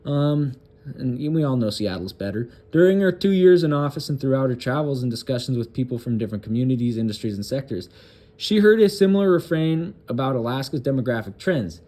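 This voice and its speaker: A man hosting a political commentary channel, reading a news article aloud and breaking off for crude, sarcastic asides, with halting restarts. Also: medium pitch, animated, dark tone.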